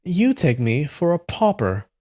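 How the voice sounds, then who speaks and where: A man's voice: fairly high pitch, measured pace, pitched above the performer's own voice. Man voicing a cheeky ragged beggar boy. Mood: haughty. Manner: teasing, lively.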